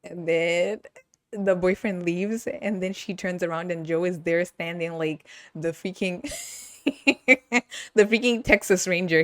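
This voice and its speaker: Brief: woman host, giggly and animated, lowish voice, dry close sound. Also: dry recording. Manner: giggly, animated, laughs often. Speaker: podcast host. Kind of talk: casual movie review chat.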